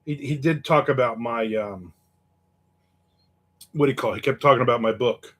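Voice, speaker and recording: A man's voice: medium pitch, moderate pace, a bit bright. A man hosting a casual live chat, telling stories in a wry, cynical way and reading out viewer comments. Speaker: host.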